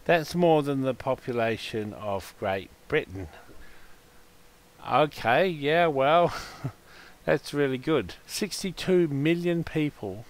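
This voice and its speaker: A man chatting casually while waiting for a game, reading out random facts with crude swearing and loud laughing outbursts. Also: on the high side, expressive, takes it slowly.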